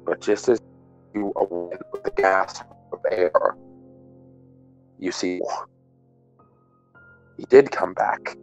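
A man's voice: sits low, fairly even intonation, takes it slowly, long pauses, soft background music, poor audio. A man running a tabletop game as game master, narrating dramatically and laughing with the players.

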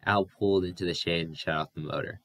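A man's voice: low-pitched, fairly even intonation, quick pace, a bit bright, no echo. A man reading a novel aloud as an audiobook narrator, often stumbling and correcting his words.

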